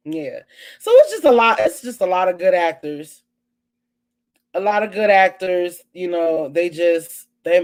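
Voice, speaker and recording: A woman hosting her own live online show, chatting casually and animatedly with viewers, full of exclamations and asides. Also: on the low side. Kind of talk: casual live-stream chat.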